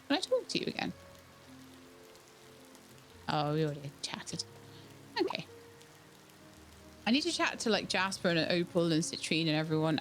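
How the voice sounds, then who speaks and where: Woman chatting through a farming game. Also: lowish voice. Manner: chatty, thinking aloud while playing. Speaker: game streamer. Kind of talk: casual let's-play commentary.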